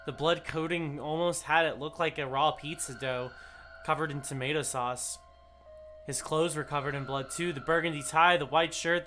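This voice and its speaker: A woman streamer reading the narration of a visual novel game at a steady, deliberate pace. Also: low-pitched.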